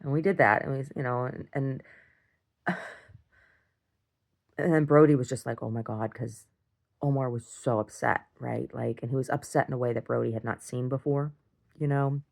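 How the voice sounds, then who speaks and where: A woman recording a casual video diary, rambling through an animated story and acting out what others said. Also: rumbling low, normal speed, gravelly, long pauses. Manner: rambling, animated retelling with acted-out quotes. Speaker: video diarist.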